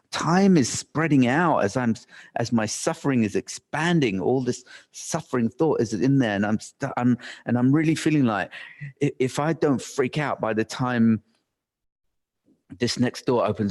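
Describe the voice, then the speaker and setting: A man's voice: medium pitch, a little mellow. A man giving a live talk, telling a story animatedly and acting out his own thoughts, with frequent restarts. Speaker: workshop speaker.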